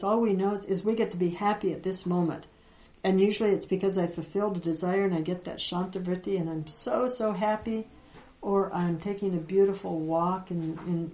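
A woman giving a reflective spiritual teaching talk, gentle and unhurried, with soft laughs and pauses. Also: mid-range voice, echoey room, low-quality recording. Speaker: Vedanta teacher.

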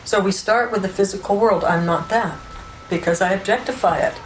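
A woman giving an unscripted spiritual teaching, explaining ideas calmly and often checking in with "right?" and "you know". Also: medium pitch, fairly quick. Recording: roomy echo with faint background noise.

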